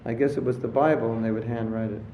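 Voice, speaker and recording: Man giving a relaxed talk in an echoey hall. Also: mid-range voice, fast talker, a little hiss or hum. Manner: storytelling, acts out voices in his anecdotes. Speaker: spiritual teacher. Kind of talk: casual lecture with jokes. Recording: roomy, slightly dull lecture recording.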